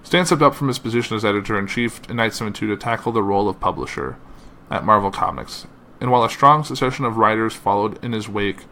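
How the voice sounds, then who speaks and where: A man's voice: fairly low pitch, sharp tone, a little hiss or hum. A man hosting a podcast, reading a tribute and quoted messages aloud, with slips and uh fillers. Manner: reads slowly with uh fillers and slips. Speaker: podcast host.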